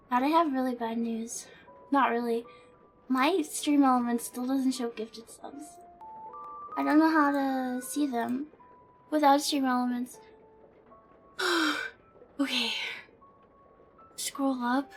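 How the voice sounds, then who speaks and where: A woman's voice: sits high, fairly even intonation, takes it slowly, pauses often, faint music behind. A woman streamer talking to her live chat, nervous and giggly, stammering and shaky, near tears.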